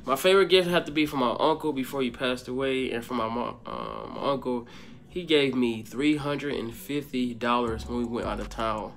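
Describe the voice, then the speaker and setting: A man's voice: mid-range voice, expressive, moderate pace, a bit bright. A young man answering fan questions in a casual, rambling vlog, with lots of fillers. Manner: laid-back, rambling, filler-heavy. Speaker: vlogger. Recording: faint music behind.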